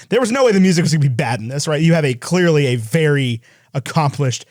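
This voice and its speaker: A man co-hosting a movie podcast in casual chat, rambling quickly and laughing as he tells stories. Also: on the high side, lively intonation, a little mellow, no room sound, studio quality. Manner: fast, rambling, laughs while telling stories. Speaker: podcast co-host.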